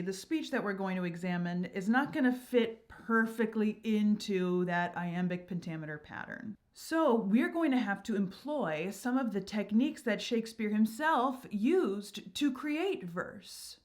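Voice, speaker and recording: A woman's voice: mid-range voice, animated, unhurried, few pauses, darkish tone. A woman hosting her own channel, explaining verse and meter in an upbeat, enthusiastic, teacherly way. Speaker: channel host.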